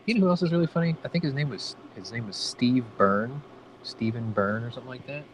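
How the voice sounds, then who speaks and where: A man's voice: medium pitch, lively intonation, quick pace, slight background noise, low-quality recording. A man co-hosting a casual show, telling rambling, profane stories. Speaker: co-host. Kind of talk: casual chat.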